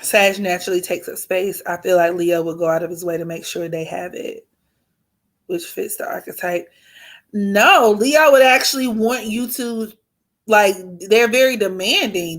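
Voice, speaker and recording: A young woman hosting an astrology channel, telling stories in blunt, profane, animated casual chat. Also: mid-range voice.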